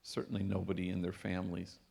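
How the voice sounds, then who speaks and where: Priest, 50s, slightly gravelly voice, easygoing storyteller at a lecture. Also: male voice, low-pitched, little pitch movement, fast talker. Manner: warm anecdotal storytelling with Spanish phrases. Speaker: priest and speaker. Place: lecture hall.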